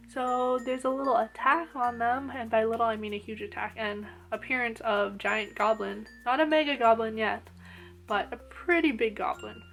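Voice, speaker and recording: Gushing young woman reviewing anime. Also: on the high side. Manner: gushing and animated, lots of "like" fillers. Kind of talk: casual episode review.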